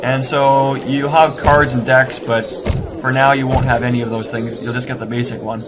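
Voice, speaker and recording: A man's voice: mid-range voice, little pitch movement, normal speed, background noise. A man casually walking viewers through a strategy game, rambling and second-guessing his choices, with a self-deprecating manner. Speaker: gaming tutorial host. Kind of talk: casual gameplay walkthrough.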